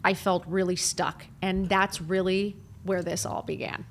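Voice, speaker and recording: Middle-aged woman guest; candid, animated storyteller with lots of filler phrases. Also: fairly low pitch, unhurried. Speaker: podcast guest.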